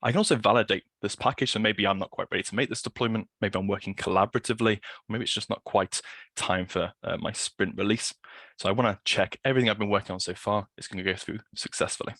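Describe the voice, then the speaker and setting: A man giving a brisk, practiced live software demo over a video call. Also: on the low side, fairly even intonation, no echo. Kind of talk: fast live product demo.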